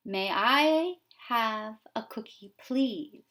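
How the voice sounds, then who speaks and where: A woman voicing a calm, polite little duckling from a picture book, asking softly. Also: a little high, extremely slow, pitched above the performer's own voice, heavily acted.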